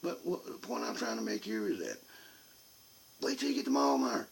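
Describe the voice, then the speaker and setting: A man's voice: medium pitch, huge pitch swings, moderate pace, vocal fry, a little hiss or hum, rough recording. A man telling a comic story in a rambling, folksy, repetitive way. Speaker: vlogger.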